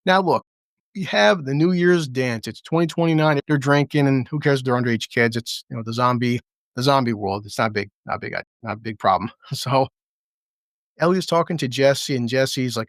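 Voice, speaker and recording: A man talks through a TV episode in a loose, profane review, full of sarcasm and mocking asides. His pitch sits in an ordinary middle range. The sound is dry with no room echo. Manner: impersonates characters in quick asides. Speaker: TV show reviewer. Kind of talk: casual spoken review.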